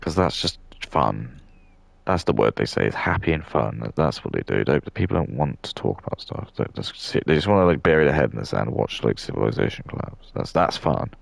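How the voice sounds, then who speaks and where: A man's voice: a bass voice, very animated, a little fast, gravelly, no echo. A young man with a southern English accent, rambling in a casual monologue full of fillers and restarts. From southern England. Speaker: streamer.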